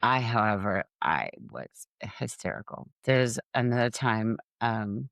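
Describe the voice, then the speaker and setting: A woman's voice: very deep voice, measured pace, gravelly, no room sound. Dry, close-miked middle-aged woman telling funny stories. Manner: animated, laughing at her own stories. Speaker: podcast host. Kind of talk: humorous family storytelling.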